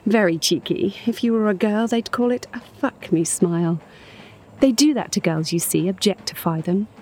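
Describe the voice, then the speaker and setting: Brief: actress as a middle-aged woman, lonely and obsessive, breathy and hushed, intimate radio-play monologue. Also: mid-range voice, moderate pace, natural voice. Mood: dreamy, infatuated. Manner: hushed, dreamy, intimate, drifting into whispers. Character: lonely obsessive woman fixated on a stranger online. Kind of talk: audio drama monologue.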